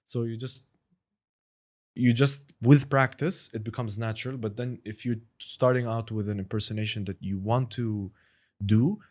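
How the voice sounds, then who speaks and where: A man's voice: mid-range voice, normal speed. A man talking casually as a podcast guest, an impressionist who keeps saying "you know" and slips into voices. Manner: animated, breaks into impressions and accents; many fillers like "you know". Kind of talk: casual chat.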